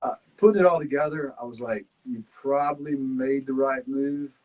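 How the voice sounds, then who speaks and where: A man's voice: medium pitch, normal speed, lo-fi sound. A man with a Southern accent, chatting casually and reflectively about his time on a survival show. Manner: relaxed, rambling, many fillers. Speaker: former survival show contestant. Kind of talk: casual chat.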